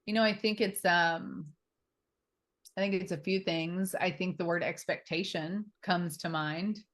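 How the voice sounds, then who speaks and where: Lower-voiced woman telling a candid story. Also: fairly even intonation, unhurried, fairly bright tone. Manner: open, emotional storytelling with frequent fillers and swearing. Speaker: podcast guest. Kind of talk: candid personal interview.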